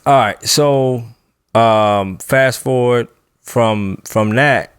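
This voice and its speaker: A man's voice: mid-range voice, extremely slow, clear, resonant tone, dry recording, clean studio sound. A man casually telling a long personal story on a podcast, loose and laughing as he goes. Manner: laid-back, laughs while telling a story. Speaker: podcast co-host.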